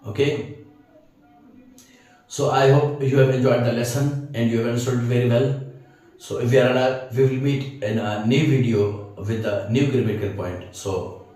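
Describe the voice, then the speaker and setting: A man's voice: medium pitch, steady tone, moderate pace, mellow. A man teaching an English grammar lesson, hesitating often with fillers and checking that listeners understand. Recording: very echoey room, mic far off.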